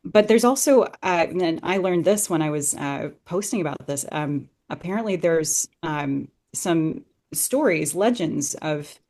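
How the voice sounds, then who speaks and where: Earnest woman with a lowish voice. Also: lively intonation, measured pace, hardly any pauses, a little mellow. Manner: earnest and enthusiastic, thinking aloud. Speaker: podcast guest discussing Shakespeare. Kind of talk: conversational analysis.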